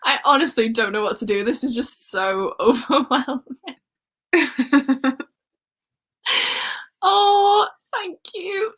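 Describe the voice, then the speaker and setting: A woman's voice: high voice, slow pace, long pauses, fairly bright tone, poor audio. A young woman with a Welsh accent hosting a casual book livestream, giggling and chatting as she reads out viewer comments. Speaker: book channel host.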